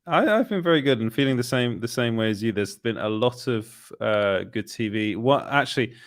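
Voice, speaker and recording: A man's voice: medium pitch, expressive, normal speed, no echo, studio quality. A man hosting a casual live stream, upbeat and chatty, greeting viewers in the chat. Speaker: host.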